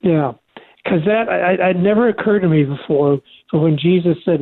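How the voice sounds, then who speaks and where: Older male co-host calling in, earnest and halting, tinny phone sound. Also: sits high. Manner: earnest, halting with many restarts. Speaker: radio show co-host. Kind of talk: conversational faith talk.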